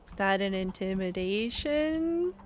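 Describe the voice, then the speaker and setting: A woman narrating a tabletop game as game master, describing the action briskly and calling for rolls. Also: medium pitch, lively intonation, a crowd in the background.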